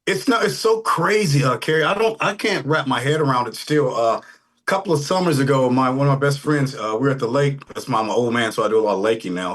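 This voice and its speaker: A man's voice: mid-range voice, expressive, fast talker. Easygoing middle-aged man on a video call. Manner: easygoing, rambling storyteller with many fillers. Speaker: rock band lead vocalist. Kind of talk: casual interview chat.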